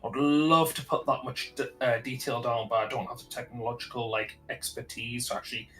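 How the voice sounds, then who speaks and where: A man's voice: mid-range voice, little pitch movement, fairly quick, sharp tone. Man, eager hobby chat, lots of fillers, faint music behind. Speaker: guest hobbyist. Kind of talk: casual chat.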